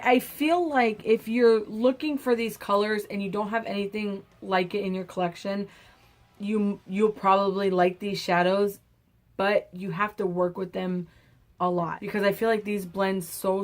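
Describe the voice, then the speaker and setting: A woman talks through a makeup product review in a loose, chatty way. Her voice sits at a medium pitch. She stumbles and restarts often, and her quieter asides fade off as she finishes a thought. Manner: chatty, self-correcting, trails off softly. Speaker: beauty vlogger.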